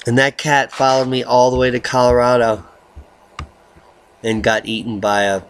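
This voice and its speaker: A middle-aged man hosting a video blog, rambling through weather news with jokes, rhymes and theatrical swings into high baby talk. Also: little pitch movement, moderate pace, smooth. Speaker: video blogger host. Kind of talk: rambling weather commentary vlog.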